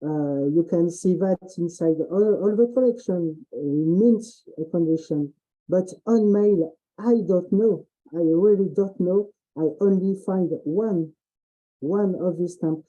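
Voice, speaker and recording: A man with a French accent presents slowly, halting over nearly every phrase with fillers and restarts. His voice is very dark and mellow, and his pace unhurried. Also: sits high, dull audio. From France. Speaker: presenting expert. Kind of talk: online presentation and Q&A.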